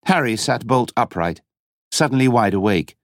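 A man reading a novel aloud as an audiobook narrator, in a dramatic, expressive style. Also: mid-range voice, moderate pace, dry recording, studio quality. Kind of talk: scripted narration.

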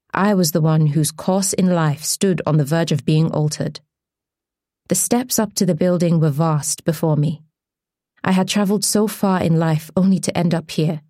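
A woman reading an audiobook in measured, deliberate scripted narration. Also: deep voice, mellow, no echo, clean studio sound.

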